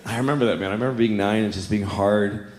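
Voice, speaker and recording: On a comedy club stage before a live audience, a man tells crude, confessional stories into a handheld mic, talking fast with lively pitch swings. The room is echoey, with clear ambient noise.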